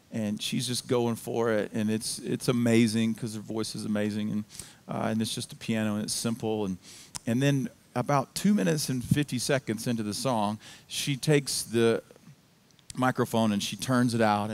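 A male pastor delivering a sermon in a church. He talks in a relaxed, chatty way, telling stories like he would to friends. His voice sits at an ordinary middle pitch for a man. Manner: casual, conversational storytelling. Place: church sanctuary.

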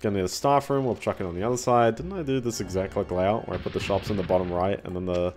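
A man's voice: lowish voice, fast, a little mellow, soft background music. A young man giving casual, rambling gameplay commentary as a streamer. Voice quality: rambling, self-deprecating.

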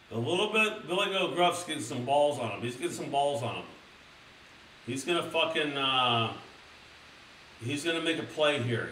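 A young man streaming a crude comedic storybook reading, excitably addressing his chat. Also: mid-range voice, recorded from a distance. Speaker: streamer reading a children's book. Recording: roomy, a little off-mic, faint noise.

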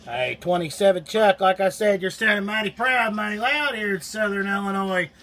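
A man's voice: high-pitched, moderate pace, bright, forceful tone. A man chatting on CB radio in folksy call-sign lingo, recorded on a phone. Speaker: CB radio operator. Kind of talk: CB radio chat. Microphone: iPhone.

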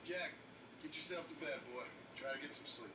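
A man's voice: a little high, a little fast, echoey room, heavy background noise, lightly acted. An actor playing a weary, firm frontier rancher who is also a father, heard as game audio from a distance. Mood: stern.

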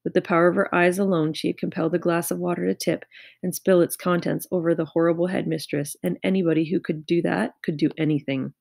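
Gravelly woman reading a storybook. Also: fairly low pitch, dry recording, clean studio sound. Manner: measured, expressive reading. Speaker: audiobook reader. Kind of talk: storybook narration.

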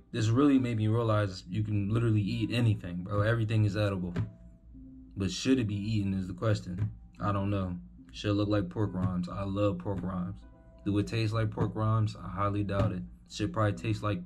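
A man's voice: fairly low pitch, a little mellow. A young man giving rambling, profane, incredulous commentary while hosting a reaction video.

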